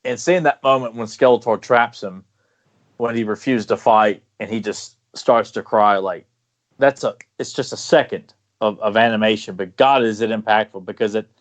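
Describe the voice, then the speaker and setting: A man talking eagerly in a casual podcast chat, stopping and restarting his sentences often. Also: on the low side. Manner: enthusiastic, halting with many restarts. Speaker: podcast guest. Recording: dull lo-fi podcast audio.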